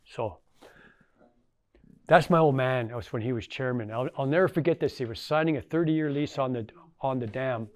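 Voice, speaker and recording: A man's voice: medium pitch, moderate pace, dry recording. A middle-aged man, a former tribal council member, giving a casual storytelling talk to an audience, folksy and anecdotal with lots of fillers.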